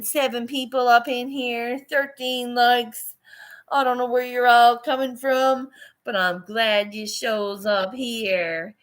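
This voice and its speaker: A middle-aged woman hosting a casual livestream from her phone, rambling, swearing casually and laughing often. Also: a little high. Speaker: livestream host.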